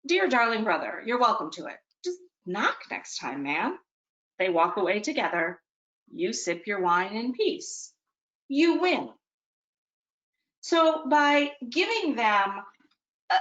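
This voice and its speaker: A woman's voice: medium pitch, a bit bright, highs cut off. A woman presenting a webinar talk for parents, talking conversationally with dry, self-mocking humor and often checking in with "okay?". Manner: conversational, punctuates points with "okay?".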